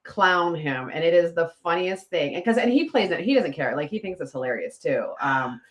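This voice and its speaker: Woman, East Coast accent, middle-aged, lowish voice, chatty storyteller, laughs a lot. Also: normal speed. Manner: lively storyteller, laughs often. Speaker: podcast co-host. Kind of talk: casual chat.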